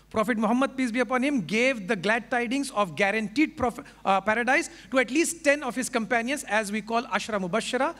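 High-voiced man answering politely. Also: fairly bright tone. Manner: polite, measured, formal phrasing. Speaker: debater. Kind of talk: public debate answer.

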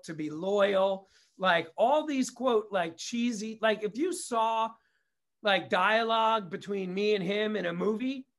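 A man's voice: sits high, fairly bright tone. Candid, foul-mouthed man telling stories. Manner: candid, swears freely, rambling asides. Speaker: guest, comedy producer and director. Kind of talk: casual interview storytelling.

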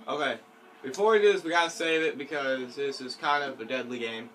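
This excitable gaming video host has a medium-pitched voice and talks a little fast, shouting and yelping as he plays alongside a friend. He pleads and teases throughout, over a slight hiss or hum.

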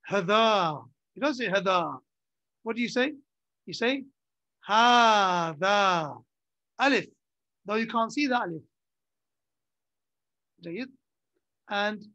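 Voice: medium pitch, a bit bright, no echo. Dull, dry lo-fi recording of a grammar teacher. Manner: repeats terms and checks understanding with short questions. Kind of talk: classroom lesson.

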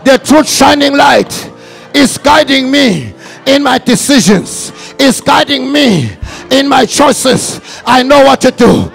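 A male preacher shouting repeated prayer declarations and leading the congregation in a sermon. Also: very high voice, lively intonation, takes it slowly, gravelly, breathy edge, faint music behind.

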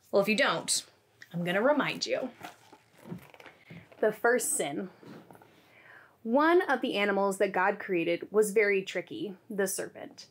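A woman leading a children's message in an online church service, telling a Bible story. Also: medium pitch.

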